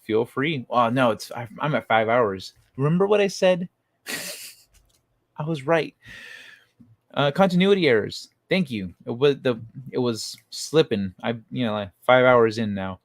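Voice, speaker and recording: A man hosts a relaxed late-night livestream, reading viewers' chat messages aloud and answering them. He talks at an ordinary pitch in a loose, profane way and swears freely. The sound is dry and close, with little room echo. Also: measured pace. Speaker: livestream host.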